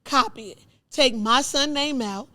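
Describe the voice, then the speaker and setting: Woman, middle-aged, fairly high voice, candid interview storytelling, animated, acts out dialogue. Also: unhurried. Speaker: podcast host telling her own story.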